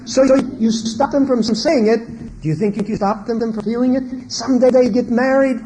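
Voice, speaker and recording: Slight background noise and low recording quality surround a very high-pitched male seminar speaker talking at a moderate pace. His marriage lecture is animated, full of questions to the audience and acted-out remarks from parents and children.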